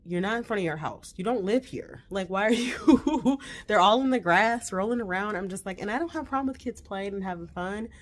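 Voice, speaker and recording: A woman chatting casually at home as a vlogger and mother, animated and quick to laugh. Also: mid-range voice. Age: 40s. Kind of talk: casual chat.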